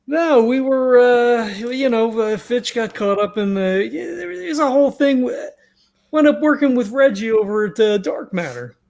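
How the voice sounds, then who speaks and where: A man playing a tabletop role-playing game in a casual way, swearing often and pausing on fillers. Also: extremely high pitch, animated, vocal fry, darkish tone. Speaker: player.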